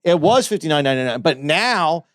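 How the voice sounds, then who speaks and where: A man's voice: fairly high pitch, lively intonation, brisk, a bit bright, no room sound, clean studio sound. A man co-hosting a podcast in casual discussion, explaining his point at length and restarting sentences as he thinks it through. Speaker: podcast co-host.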